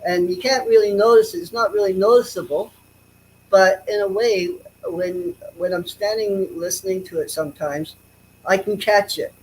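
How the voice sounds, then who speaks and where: A male musician speaking as a guest in a casual interview, halting and restarting his words often. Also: high-pitched, lively intonation, creaky, a little hiss or hum, low-quality recording.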